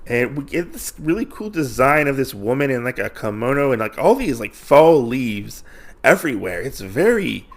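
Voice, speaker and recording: A man's voice: mid-range voice, very animated, normal speed. A man hosting a podcast, casually recapping a comic issue in a rambling way, full of fillers and restarts. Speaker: podcast host.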